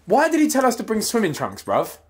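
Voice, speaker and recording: A man's voice: high-pitched, huge pitch swings, brisk. A young man teasing his friend and grumbling in mock anger on a cheap trip. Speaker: YouTuber on a budget trip. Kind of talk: casual banter. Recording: noisy handheld vlog audio.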